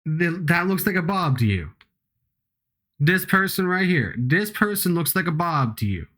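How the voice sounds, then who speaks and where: A man's voice: on the high side, sing-song, normal speed, a bit bright. A young male streamer chats casually through his game, giggling and poking fun at himself. His voice sits a little above the usual male range. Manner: chatty, giggly, self-mocking. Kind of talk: casual gameplay commentary.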